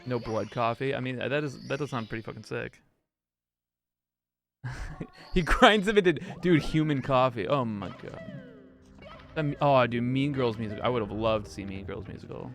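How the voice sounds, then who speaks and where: A man's voice: medium pitch, normal speed, vocal fry, long pauses. A young man chatting casually on a live stream, rambling and swearing with lots of fillers. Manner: rambling, profane, frequent fillers and laughs. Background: music playing underneath.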